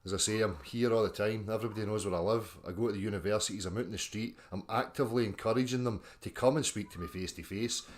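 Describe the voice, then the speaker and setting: A man's voice: on the low side, quick pace, hardly any pauses. Sweary Scottish man ranting on a livestream. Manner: sweary, mocking, combative. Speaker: livestream host reading chat.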